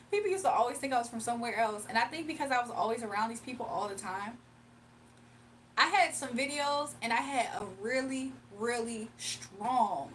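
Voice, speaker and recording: Her voice sits on the high side with a fairly bright tone, captured on a distant mic with a little hiss or hum in a low-quality recording. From her home, this Southern-accented young woman, a spiritual reader and livestreamer, reads out viewer comments in a relaxed chat, laughing frequently.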